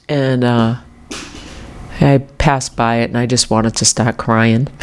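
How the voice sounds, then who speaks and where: A woman in her fifties hosting her own podcast, rambling heartfelt and halting about faith, often restarting her sentences. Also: a bass voice. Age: 50s. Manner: religious encouragement. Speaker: podcast host. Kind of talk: reflective faith-centered monologue. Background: dog barking at times.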